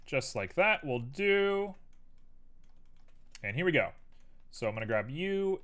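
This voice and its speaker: Dude streaming his 3d modeling, chatting to viewers while he works, relaxed and self-deprecating, voice goes up and down a ton. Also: mid-range voice, unhurried, pauses often. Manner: thinks aloud, chatty, talks to viewers while working. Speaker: live-stream host modeling in 3D software. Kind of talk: casual live-stream tutorial chat.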